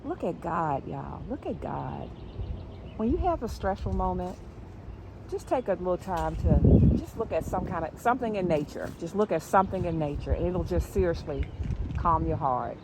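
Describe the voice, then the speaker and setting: A woman's voice: fairly low pitch, expressive, normal speed, heavy background noise. Chatty woman filming her yard. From United States. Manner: chatty, keeps addressing viewers as y'all, often drops to a soft hush. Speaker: vlogger. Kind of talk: casual chat to camera. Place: outdoors in her yard by a tree.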